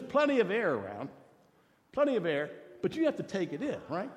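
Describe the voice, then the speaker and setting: A man preaching a sermon in an animated, conversational way, asking the listeners rhetorical questions. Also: on the high side, quick pace, in a large hall. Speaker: pastor.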